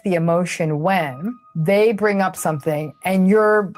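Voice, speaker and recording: A woman in a short explanatory clip, her voice sitting a little low but swinging widely as she acts out quoted reactions. Soft music runs quietly beneath her. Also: animated, normal speed, hardly any pauses. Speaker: psychologist in a played clip. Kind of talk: explanatory social media clip. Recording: faint music underneath.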